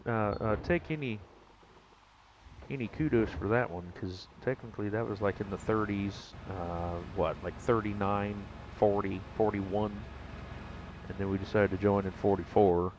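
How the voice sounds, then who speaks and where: A man's voice: fairly low pitch, normal speed, darkish tone, slight background noise. An American man chatting casually and jokingly with viewers during a gaming live stream. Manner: rambling, jokey, talks to chat.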